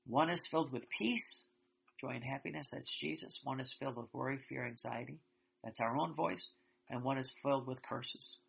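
A man giving an earnest, reflective spiritual talk, slow and halting with many restarts. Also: medium pitch, creaky, sharp tone, breathy edge. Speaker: religious teacher. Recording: dull lo-fi sound.

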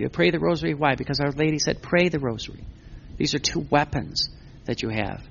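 A man's voice: fairly high pitch, gravelly, fairly bright tone, slight background noise. A man preaching a sermon, earnest, asking questions and answering them himself, recorded on a muffled lo-fi recording. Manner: earnest, repeats words while building a point. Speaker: Catholic preacher.

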